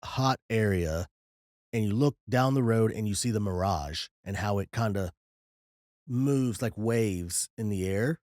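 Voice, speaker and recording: A man with a mid-pitched, mellow voice co-hosts a podcast in casual chat. He reads documents aloud in a relaxed, unhurried way. The recording is dry and close. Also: no echo. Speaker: podcast co-host.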